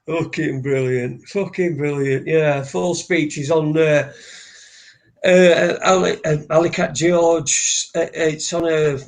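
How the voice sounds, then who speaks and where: A man hosting a relaxed live chat show, his voice sitting a little high. He rambles, restarts his sentences and swears casually as he talks. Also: slow. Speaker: host.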